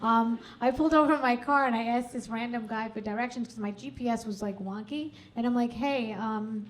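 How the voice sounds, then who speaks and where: A woman's voice: fairly high pitch, quick pace. A woman hosting a comedy club stage, doing chatty, self-mocking stand-up and working the crowd on a handheld mic.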